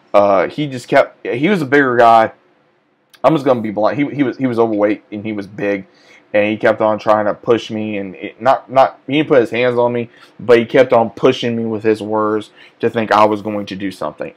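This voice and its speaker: A man, casually recounting a work story and acting out the dialogue. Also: on the low side. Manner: animated retelling, acts out quoted dialogue. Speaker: vlogger.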